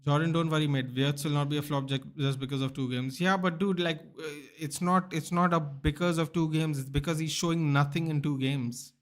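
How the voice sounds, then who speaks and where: A man's voice: fairly high pitch, fairly even intonation, brisk, few pauses. A young man chatting casually on a live football watchalong, bantering and answering viewers by name. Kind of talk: casual live-stream chat reading viewer comments.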